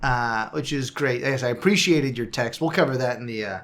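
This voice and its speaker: Male podcast co-host, casual football chat, wry and self-deprecating, mid-pitched voice. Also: a little fast, fairly bright tone.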